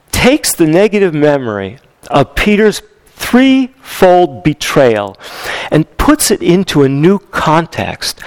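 Man pastor, sermon delivery, lively and slightly high, dry close sound. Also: no echo, poor audio. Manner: animated, conversational preaching with fillers and repetition.

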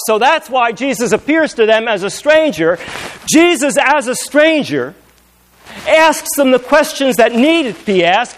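Preacher, male, high voice, emphatic then hushed sermon delivery. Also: expressive, moderate pace. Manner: swings between loud emphatic passages and hushed intimate storytelling.

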